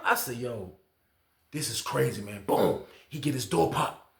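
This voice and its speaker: A man telling a prison story in casual slang, acting out the people he quotes with loud shouts. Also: mid-range voice, big pitch swings, normal speed, vocal fry, reverberant.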